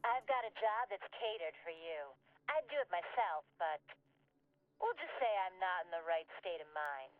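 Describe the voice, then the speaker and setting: A woman's voice: fairly low pitch, expressive, normal speed, no room sound. A woman voicing a game mission-giver who speaks over the radio with a dry, wry manner, through a radio filter. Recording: tinny radio line, dry.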